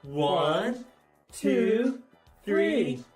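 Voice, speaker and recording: A man's voice: high voice, very animated, extremely slow. A man hosting a children's channel with cheerful kids' show delivery. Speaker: YouTube channel host. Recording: roomy sound with music.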